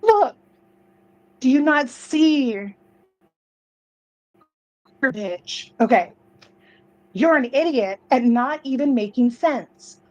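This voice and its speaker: A woman's voice: high voice, animated, slow pace, pauses often, highs cut off. A woman in a played video clip, talking in a sassy, blunt and mocking way. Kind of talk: casual video commentary.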